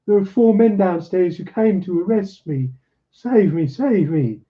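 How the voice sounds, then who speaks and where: A man's voice: a little high, a little fast, narrow, tinny audio, voice pushed up, natural voice. A man voicing a meek, frightened male landlord who wails and pleads. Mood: panicked. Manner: wailing, pleading.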